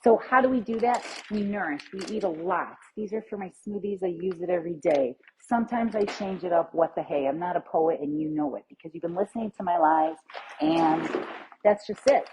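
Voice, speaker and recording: A woman's voice: fairly low pitch, normal speed, noisy background. A middle-aged woman giving a chatty, upbeat pep talk as a nutrition coach on a live stream. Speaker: plant-based nutrition coach. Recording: dull lo-fi live stream audio.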